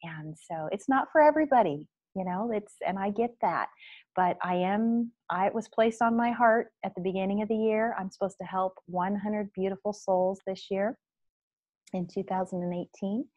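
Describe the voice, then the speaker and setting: A woman's voice: mid-range voice, normal speed, darkish tone, no room sound, muffled recording. A woman hosting a video interview as a spiritual coach, earnest and effusive as she talks about her program.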